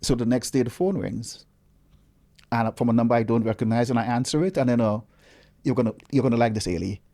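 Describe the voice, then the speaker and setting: A man, a guest researcher telling a story in a casual interview with lively, dramatic delivery. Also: medium pitch, brisk.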